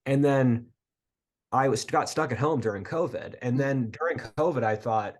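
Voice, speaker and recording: A man's voice: mid-range voice, normal speed. A man in his twenties from outside Philadelphia, a podcast guest talking earnestly in long rambling tangents. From area outside Philadelphia, USA. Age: 20s. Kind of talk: casual interview talk.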